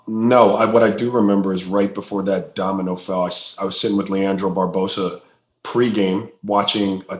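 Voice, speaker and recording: A former basketball player telling stories in a relaxed, casual way. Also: male voice, lowish voice. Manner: relaxed, storytelling, many fillers. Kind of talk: casual storytelling. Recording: roomy echo.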